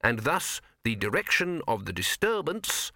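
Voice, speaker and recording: A man voicing a fussy academic reading a dense treatise aloud in an audiobook, slow, pedantic and precise. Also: mid-range voice, very animated, pushed and bright, no room sound, studio quality, full character voice.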